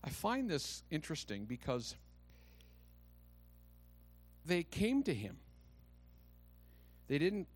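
A man pastor preaching a sermon. He swings from hushed asides to loud, shouted declarations and asks many rhetorical questions. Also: mid-range voice.

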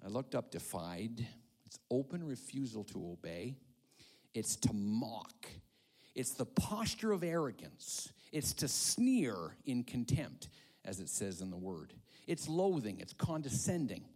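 Male pastor, slow, dramatic sermon delivery, hushed to loud. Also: fairly low pitch, very animated. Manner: dramatic swings from hushed whispers to loud calls.

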